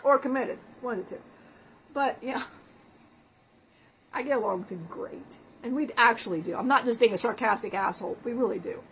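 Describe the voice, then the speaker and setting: Spirit of a crude, wisecracking dead man, channeled by a woman; high, profane, self-mocking. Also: a little fast, long pauses, fairly bright tone, a little hiss or hum, rough recording. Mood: brash joking.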